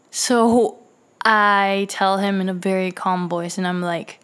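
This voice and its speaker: Woman telling clinic stories in a rambling, filler-heavy way, mid pitch. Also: measured pace, fairly bright tone, clean tone. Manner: rambling, with frequent fillers and restarts. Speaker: dialysis clinic staff member. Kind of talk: casual personal storytelling.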